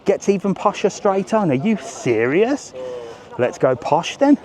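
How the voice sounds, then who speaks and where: A man's voice: high voice, very animated, a little slow, darkish tone. A man live-streaming a walking tour, talking casually and joking, with the odd swear word. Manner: chatty, jokey, swears casually. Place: outdoors on a busy resort seafront. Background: faint street and traffic noise.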